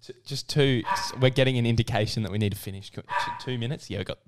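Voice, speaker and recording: A man co-hosting a podcast, joking and bickering in quick, stumbling bursts full of restarts. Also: medium pitch, heavy background noise. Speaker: podcast co-host. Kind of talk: casual banter.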